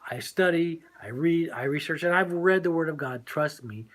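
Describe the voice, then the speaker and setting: A man's voice: a little high, normal speed. An older man co-hosting a casual talk show, speaking in a preachy, emphatic way and laughing often. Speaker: co-host.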